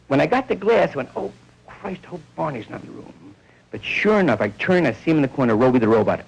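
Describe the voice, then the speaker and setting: A man's voice: mid-range voice, vocal fry, fairly bright tone, a little hiss or hum, rough recording. A man doing a rambling stand-up comedy monologue, telling stories and acting out bits of dialogue.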